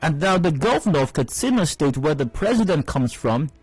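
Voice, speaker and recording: A man's voice: a little high, very animated, a little fast, darkish tone, slightly rough, no echo, poor audio. Nigerian male radio host, emphatic and outraged, dry booth, light music bed. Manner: indignant, emphatic, repeats phrases for stress. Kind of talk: opinionated radio commentary. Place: radio studio. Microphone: studio mic.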